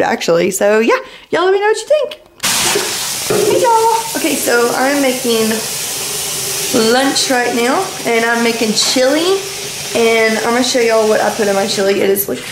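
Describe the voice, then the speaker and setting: A woman talks her way through a home vlog, rambling and full of quick asides. Her voice sits a little high. The recording is from a noisy home kitchen. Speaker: home vlogger. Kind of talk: casual chatty vlog.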